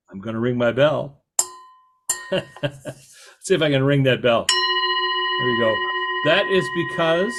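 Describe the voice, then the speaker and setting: A man hosting a podcast interview, talking in a halting way with many fillers and restarts. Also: mid-range voice, background noise. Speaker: podcast host. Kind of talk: conversational interview.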